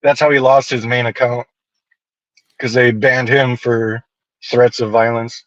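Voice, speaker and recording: A man who is a guest on a casual podcast, telling stories in a blunt, profane, animated way. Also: medium pitch, unhurried, no room sound, lo-fi sound.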